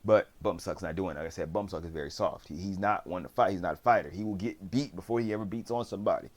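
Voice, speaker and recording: A man's voice: low-pitched, fast. A man casually recapping a TV series, rambling in slang and acting out what the characters say. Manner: slangy, rambling storyteller who acts out quotes. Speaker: drama reviewer.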